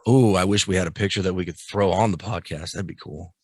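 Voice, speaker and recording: A man's voice: low-pitched, fast, slightly rough. A man co-hosting a podcast news quiz in casual chat, swearing freely and laughing often as he teases his co-host.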